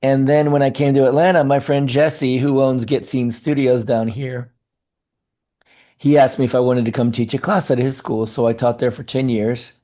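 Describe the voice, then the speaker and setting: A middle-aged man, an actor and acting coach, talking in a casual interview, animated and fast, with many fillers and restarts. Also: mid-range voice.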